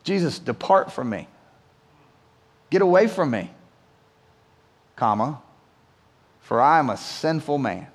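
A man's voice: on the high side, a little slow, pauses often, voice pushed down, close to an everyday voice. A man voicing a blunt, weary male fisherman who talks back, then pleads in fear. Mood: pleading. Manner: drawling talk-back, then anxious pleading. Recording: long hall reverb.

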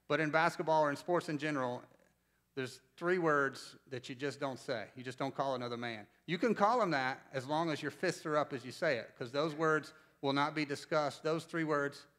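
A man in his forties from North Carolina preaching a sermon as pastor, telling stories conversationally and asking the congregation questions. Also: mid-range voice. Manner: conversational storytelling, animated, asks the congregation questions.

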